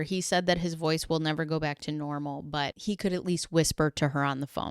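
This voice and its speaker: A woman's voice: fairly low pitch, smooth, no room sound, studio quality. A woman recapping a true-crime story in a casual, chatty way, with dramatic flair and playful asides. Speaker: YouTube commentator.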